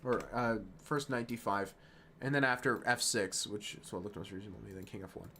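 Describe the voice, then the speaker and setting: A man streaming chess, talking fast and self-mocking through move lines, dropping to quiet muttering when frustrated. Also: fairly low pitch, a little hiss or hum. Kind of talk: casual live-stream game commentary.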